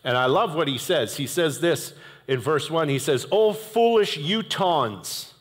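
A male pastor preaching a sermon in an animated, conversational way, with jokey asides. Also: a little high, normal speed. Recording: echoey hall reverb.

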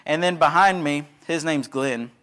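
A man's voice: on the high side, unhurried, pushed and bright. Folksy preacher man. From Texas. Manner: folksy, conversational, acts out quoted voices. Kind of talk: sermon with storytelling.

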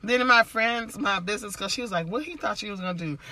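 A fast-talking woman with a medium-pitched voice tells a story in casual chat. She's animated, acting out the people in it with shifting voices.

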